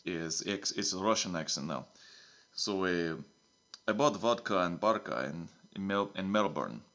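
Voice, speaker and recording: A man playing a clumsy secret agent who rambles through his mission in one broad fake accent after another. The voice sits low but bright and forceful. The audio is dull and lo-fi. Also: unhurried. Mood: hammy. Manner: rambling, hammy, swapping between broad put-on accents. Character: bumbling male secret agent switching accents.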